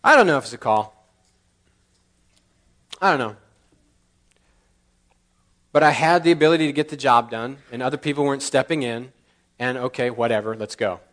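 Lively storytelling preacher man. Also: mid-range voice, moderate pace, long pauses. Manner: animated, acts out dialogue in lively voices; laughs at his own stories. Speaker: pastor. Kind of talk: storytelling sermon.

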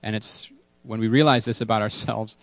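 A man's voice: lowish voice, steady tone, normal speed, no echo. Candid, self-mocking male pastor. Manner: candid, self-deprecating, repeats words for emphasis. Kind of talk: casual sermon with congregation.

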